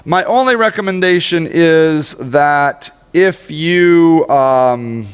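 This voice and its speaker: Recorded with a big-room sound, this man's clear, resonant, fairly high voice moves slowly through a rambling screen-share lesson on social media marketing. He pokes fun at himself and gets easily frustrated, grumbling whenever the tool won't cooperate.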